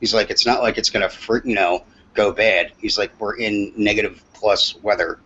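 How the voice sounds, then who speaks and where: A man's voice: fairly low pitch, fairly even intonation, normal speed, pushed and bright, slight background noise. A man telling a profane, rambling hunting story in a casual podcast chat. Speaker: podcast co-host. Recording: dull lo-fi audio.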